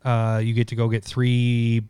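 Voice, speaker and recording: A man co-hosting a casual card-game discussion, relaxed and often laughing, sometimes reading card text aloud. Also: mid-range voice, a little slow, clean tone, no echo, studio quality. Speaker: podcast co-host.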